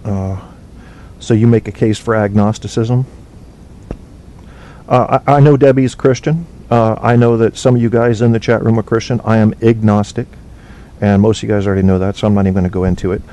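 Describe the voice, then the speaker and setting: A man's voice: steady tone, fairly quick, mellow. A man hosting a casual podcast from home on a cheap microphone, talking bluntly and profanely in a rambling way while reading the live chat. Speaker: podcast host. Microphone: cheap low-quality microphone. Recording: faint noise on a low-bitrate stream.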